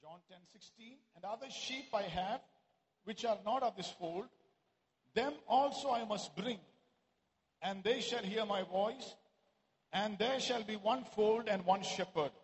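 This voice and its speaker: A man preaching a sermon to a congregation in a church, at times raising his voice to a shout. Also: high voice, unhurried. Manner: rises to shouting exclamations. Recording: echoey hall.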